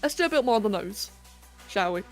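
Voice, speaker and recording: A woman's voice: mid-range voice, lively intonation, brisk. Chatty woman hosting a stream. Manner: chatty, self-mocking, thinks aloud. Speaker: livestream host. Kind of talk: casual chat while sculpting live. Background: faint electronic music.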